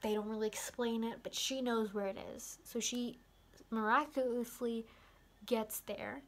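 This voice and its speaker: A young woman casually recapping a film's ending, rambling with lots of "like" and excited asides. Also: fairly high pitch, unhurried. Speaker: vlogger.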